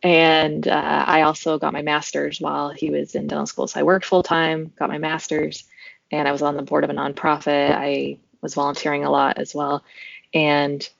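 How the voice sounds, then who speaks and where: A woman's voice: low-pitched, completely flat delivery, normal speed, creaky, no echo, dull audio. A young woman from Oregon, a podcast guest telling her story in a casual, rambling way full of fillers. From Oregon, USA. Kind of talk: casual interview chat.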